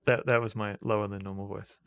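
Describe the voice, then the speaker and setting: Man, streamer, casual gameplay commentary, gravelly voice, rambling, dry close sound. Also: lowish voice, level tone, fairly quick, no echo. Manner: rambling, self-interrupting, reads game text aloud.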